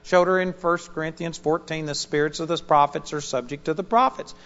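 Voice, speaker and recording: A man preaching a sermon to a church congregation, telling stories with animated emphasis. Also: a little high, a little fast. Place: church auditorium during a live service. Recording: dull lo-fi sermon recording.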